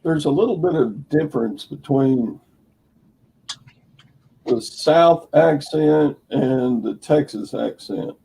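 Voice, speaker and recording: A man's voice: fairly high pitch, takes it slowly, vocal fry, mellow, a little hiss or hum, low-quality recording. A man co-hosting a casual online show, talking in an easygoing, drawling way. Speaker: co-host. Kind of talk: casual chat.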